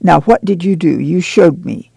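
A man's voice: sits high, moderate pace, vocal fry, warm tone, slightly rough, dry recording, heavily acted. A man voicing a plain-spoken migrant mother. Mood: demanding. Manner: plain rural dialect, firm then humbled. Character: poor, worn but proud migrant mother.

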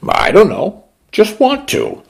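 A man's voice: high voice, wildly swooping pitch, slow pace, creaky, slightly rough, voice pushed up, full character voice. A man voicing a grave, curious eight-year-old girl who asks blunt questions in a storybook reading.

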